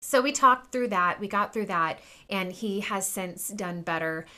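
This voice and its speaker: Speaking unhurriedly at medium pitch with a sharp tone, a thirtysomething woman hosting a podcast tells listeners a personal story. Her talk is casual and chatty, packed with fillers and reported dialogue.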